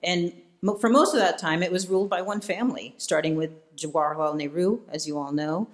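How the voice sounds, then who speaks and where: A man from Iowa, a guest speaker giving a public lecture, relaxed and self-deprecating, with frequent "uh" fillers. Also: a little high, brisk. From Iowa, United States. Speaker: guest speaker, policy fellow. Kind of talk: public lecture with personal anecdotes. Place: event hall before an audience.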